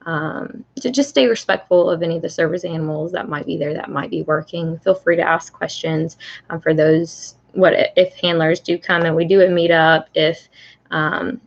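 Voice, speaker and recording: A woman's voice: low voice, fairly even intonation, moderate pace, vocal fry. A young woman chatting casually on a livestream from home, rambling with lots of fillers and restarts. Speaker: service dog handler. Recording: lo-fi livestream audio.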